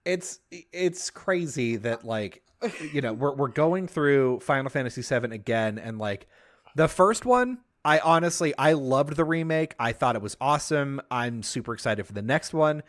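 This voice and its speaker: A man's voice: medium pitch, lively intonation, normal speed, a bit bright. A man co-hosting a casual podcast, rambling about games and swearing freely. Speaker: podcast co-host.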